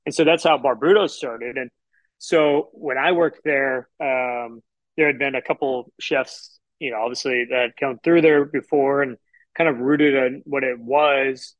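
A man from Houston talks casually on a podcast, telling winding stories and slipping into the voices of people he quotes. His voice sits at an ordinary middle pitch, recorded close and dry with no room sound. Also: steady tone, measured pace, no echo, rough recording. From Houston, Texas. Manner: rambling storyteller who acts out quotes. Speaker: chef and restaurant owner, guest.

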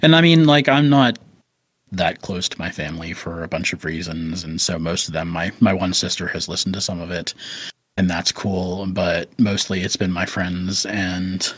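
A man co-hosting a podcast in casual chat, relaxed and easygoing. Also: low-pitched, moderate pace, husky, no room sound. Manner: relaxed, brief agreeing interjections. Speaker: podcast producer and co-host.

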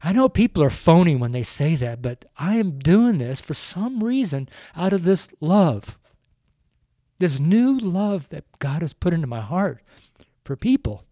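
A man's voice: fairly high pitch, big pitch swings, measured pace, dark tone, dry recording, clean studio sound. A man in his sixties, a street preacher speaking on a podcast, crying and pleading earnestly into his microphone. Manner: pleading, earnest, repetitive appeals. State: tearful, crying while speaking.

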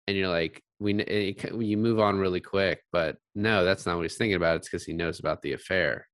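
A man co-hosting a casual podcast chat about a film, blunt and animated, often swearing and quoting scenes. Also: low voice, a little fast, no room sound. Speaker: podcast co-host.

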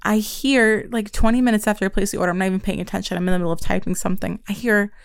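A young woman from Pennsylvania co-hosting a podcast, telling stories in a profane, animated way. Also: rapid-fire, vocal fry, smooth. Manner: profane, animated storyteller, swings pitch high when quoting. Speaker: podcast co-host. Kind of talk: casual chat, storytelling.

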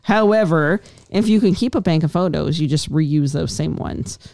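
A woman co-hosting a podcast, frank and joking as she gives blunt advice. Her voice sits low for a woman, and the recording is dry and close. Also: moderate pace, vocal fry, dark tone, no room sound. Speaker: podcast co-host. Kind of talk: casual crude banter.

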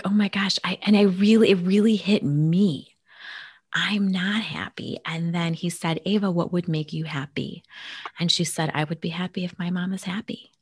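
A woman telling a personal family story in casual conversation, earnest, sometimes dropping to a near-whisper. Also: fairly low pitch. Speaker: guest sharing a family story.

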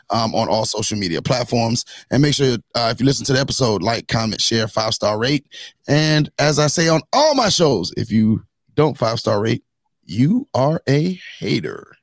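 A man's voice: mid-range voice, dry recording. A man hosting a casual morning show, hyping up his co-hosts and laughing often. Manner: hypes up intros, laughs often. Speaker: host.

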